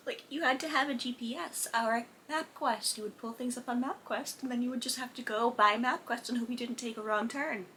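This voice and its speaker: A woman's voice: a little high, fairly quick, few pauses, pushed and bright, slight background noise. A woman chatting casually about a sitcom while drawing at home, as host of a reaction video.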